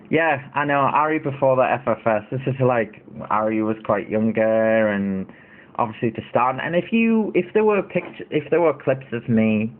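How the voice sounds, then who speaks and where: A man in his thirties hosting a casual livestream, rambling and indignant, with lots of fillers. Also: fairly low pitch. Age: 30s. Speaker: livestream host. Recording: tinny phone-like audio.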